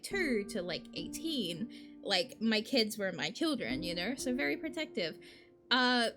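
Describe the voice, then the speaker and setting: A woman streamer chatting casually while playing a game, animated and rambling, laughing often. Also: on the high side.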